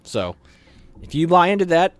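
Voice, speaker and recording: A man's voice: fairly high pitch, big pitch swings, normal speed, no room sound. A man co-hosting a local morning show, talking through national news in a rambling, conversational way with many restarts. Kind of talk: casual news chat.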